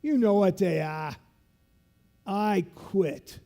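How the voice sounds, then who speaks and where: A man doing a loud South Boston drill instructor. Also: high voice, extremely slow, creaky, full character voice. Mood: commanding. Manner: barking orders through a megaphone. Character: loud gruff male drill instructor barking orders. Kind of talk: storytelling impression in a keynote.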